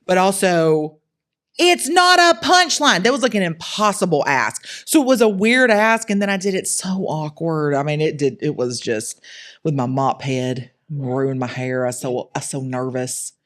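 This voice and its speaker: A woman guest on a podcast interview, telling lively, jokey stories and poking fun at herself. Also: deep voice, moderate pace. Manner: lively, jokey, self-mocking, acts out quotes. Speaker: entrepreneur guest. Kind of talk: animated storytelling in a podcast interview.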